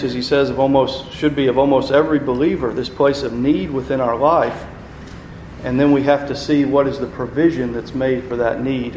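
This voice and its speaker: A man teaching a Bible study group, earnest, repeating key phrases and slowing down to stress scripture. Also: on the high side, a little mellow. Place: room with a group, reading from a computer. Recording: echoey room, faint ambient noise.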